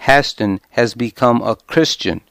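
A pompous male priest, voiced by a man reading a story aloud, delivers triumphant, preachy declarations at an unhurried pace. His voice is smooth and clear, with a dry, close sound. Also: mid-range voice, fairly bright tone, no room sound. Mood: preachy zeal.

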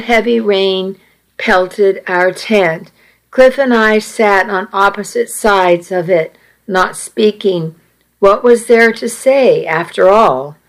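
A woman tells a first-person story in an audiobook, in a measured, earnest way. She reads slowly, her pitch sitting in the middle range. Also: rough recording. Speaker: narrator.

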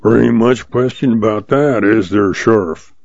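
A man's voice: fairly low pitch, a little slow, vocal fry, darkish tone, dry recording. A man reading the part of a surly, quarrelsome cowboy with a sneering drawl, in a dry, slightly muffled recording.

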